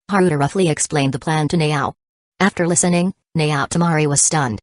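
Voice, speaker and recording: A woman narrating an audiobook in an even, steady storytelling manner. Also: low voice, brisk, no room sound.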